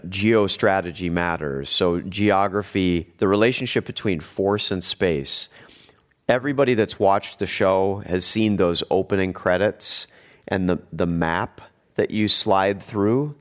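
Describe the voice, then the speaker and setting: A man's voice: deep voice, unhurried. A man in a casual discussion who often restarts his sentences and then builds to emphatic points.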